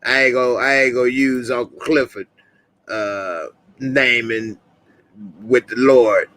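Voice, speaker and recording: A man's voice: medium pitch, fairly even intonation, a little slow, a bit bright, no room sound. A man hosting a casual live stream, laid-back and slangy, reading viewer comments aloud. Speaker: host.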